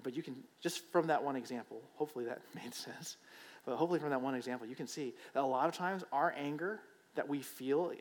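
A man preacher giving a sermon in a conversational, emphatic way, often checking in with "right?". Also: medium pitch. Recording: long hall reverb.

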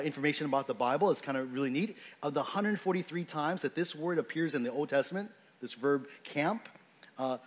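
A man giving a sermon in a conversational, unscripted way, with frequent fillers and restarts as he explains a scripture passage. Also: a little high. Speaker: pastor.

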